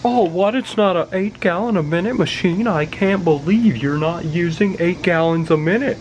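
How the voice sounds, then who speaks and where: A man putting on a high, mocking voice, playing a snobby male critic who scoffs at the equipment. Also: moderate pace, a little mellow, a little hiss or hum, natural voice, rough recording. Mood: scoffing. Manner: mocking and incredulous.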